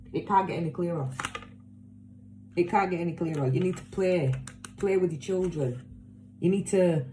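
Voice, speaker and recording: A woman in a casual tarot reading, with a lowish, mellow voice. She talks emphatically and repeats her warnings, blunt and sweary but caring. A faint hiss sits under the voice. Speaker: tarot reader.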